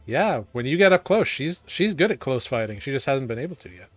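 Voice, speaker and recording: A man running a tabletop game as game master, relaxed, with many fillers and quick self-corrections. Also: medium pitch, no echo.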